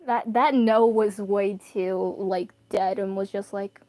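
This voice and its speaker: A woman's voice: mid-range voice, unhurried, hardly any pauses, warm tone, dry recording. A young woman chatting casually and rambling while reading a story aloud on stream. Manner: rambling, self-deprecating, bursts of laughter.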